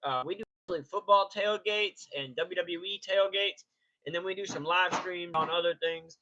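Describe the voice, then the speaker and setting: Bright lo-fi male streamer. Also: high-pitched, normal speed. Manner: laid-back, greets chatters by name. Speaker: live stream host. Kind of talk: casual live reaction stream. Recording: dull lo-fi stream audio.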